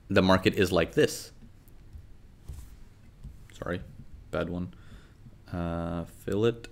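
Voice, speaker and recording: Lowish-voiced man teaching chart trading. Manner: animated, frequent "okay" and "right", acts out traders' thoughts. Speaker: trading instructor. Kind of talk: live chart lesson.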